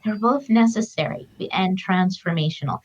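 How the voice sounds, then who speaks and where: A woman's voice: medium pitch, moderate pace, a little mellow, muffled recording, soft background music. A middle-aged woman, a guest author and grief counselor, telling stories in an earnest, heartfelt, spiritual way. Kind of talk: reflective conversational interview.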